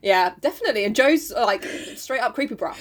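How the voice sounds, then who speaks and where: A woman's voice: on the high side, lively intonation, a little fast. Chatty woman podcaster. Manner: chatty, swears, puts on silly voices for characters. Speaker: podcast co-host. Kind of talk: casual chat recapping a novel.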